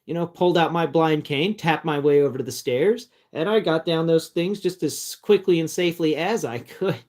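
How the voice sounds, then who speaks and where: A man telling a personal story in a casual, rambling way, often repeating words and restarting sentences. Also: a little high. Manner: chatty, breaks off to talk to his cat.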